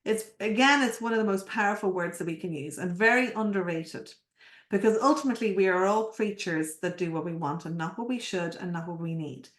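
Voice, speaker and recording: A woman coach giving a live presentation, energetic and full of rhetorical questions to her audience. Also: medium pitch, a little fast. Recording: roomy echo.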